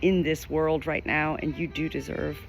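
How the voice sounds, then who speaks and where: A woman's voice: deep voice, steady tone, normal speed, gravelly, over loud music. A middle-aged woman, a spiritual medium, talking straight to the camera from her farm home, earnest and rambling, repeating her phrases. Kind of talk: direct-to-camera spiritual message.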